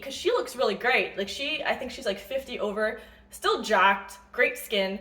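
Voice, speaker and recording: A woman competing in bodybuilding, telling a story and giving diet tips in a chatty, animated way that swears freely. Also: medium pitch, moderate pace. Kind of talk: casual storytelling vlog.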